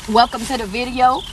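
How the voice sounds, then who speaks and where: A man with a very high voice gives a motivational talk on a live stream. He speaks loud and fast, with aggression and authority. The sound comes through a phone mic. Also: slight background noise.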